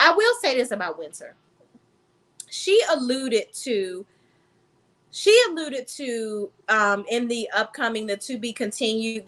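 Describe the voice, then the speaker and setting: Her voice sits a little high with a fairly bright tone. She's reviewing reality TV in a laid-back, outspoken, foul-mouthed vlog, addressing viewers straight on as "y'all" and "sis."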